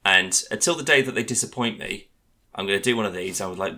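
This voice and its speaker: A man co-hosting a podcast, talking fast and eagerly in a bright, forceful voice pitched a little low. He tells his stories with animation, acting out the people he quotes. The delivery is loose and casual, with swearing dropped in freely. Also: slight background noise. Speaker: podcast co-host. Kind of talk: casual chat.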